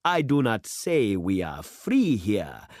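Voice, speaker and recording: A man's voice: lowish voice, wildly swooping pitch, slow pace, darkish tone, no room sound, exaggerated voice. A man voicing a worldly, boastful middle-aged city man who speechifies with rising fervor, in a dry, close storybook reading. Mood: fervent. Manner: expansive, speechifying, rising to oratory.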